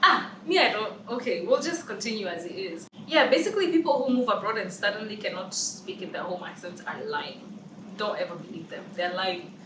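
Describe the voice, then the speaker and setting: This Kenyan-accented young woman vlogs casually in an animated, mid-range voice at a slightly fast clip, repeating phrases for emphasis as she pushes her opinions. No external mic is used; the camera's built-in one captures her distantly in a roomy setting with background noise.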